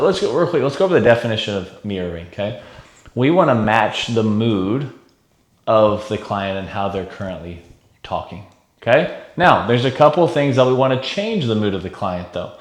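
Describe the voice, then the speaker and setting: A man with a fairly low voice runs a sales training lesson in an energetic, coaching way, checking in with his listeners again and again. The sound has a noticeable echo, as if he were in a bare room. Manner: energetic, coaching, frequent "okay?" check-ins.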